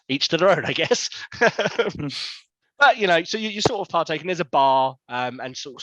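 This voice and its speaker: Rambling game master, dull lo-fi sound. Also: male voice, mid-range voice, a bit bright, dry recording. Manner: loose, rambling narration with many fillers. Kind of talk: narrating a tabletop game with character voices.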